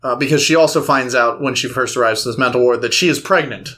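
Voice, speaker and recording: A man co-hosting a podcast, casually recapping a movie plot with lots of fillers and quick acted-out quotes. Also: mid-range voice, bright, forceful tone. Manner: rambling retelling with filler words and acted-out quotes. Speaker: podcast co-host.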